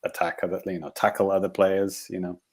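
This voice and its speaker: A man's voice: deep voice, flat delivery, fairly quick, breathy edge. A man co-hosting a podcast, chatting casually in a rambling way with frequent chuckles and fillers. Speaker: podcast co-host. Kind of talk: casual chat.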